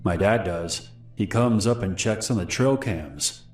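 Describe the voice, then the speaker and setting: A guarded young girl who keeps her answers short and careful, as a man reads her lines. The voice stays deep and low, close to a plain narrating voice. Faint music runs underneath. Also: lively intonation, a little slow, reverberant. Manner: cautious, curt, improvising.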